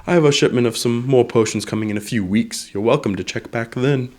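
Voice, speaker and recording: A man voicing a suave, overly polite male potion shopkeeper who talks in smooth sales patter. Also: medium pitch, brisk, a little mellow, natural voice. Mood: smoothly courteous.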